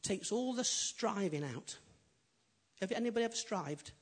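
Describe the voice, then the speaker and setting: A man preaching a sermon as pastor, swinging from loud, emphatic build-ups to quiet, intimate asides. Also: high-pitched, moderate pace, husky. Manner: animated preaching, rising loud then dropping quiet.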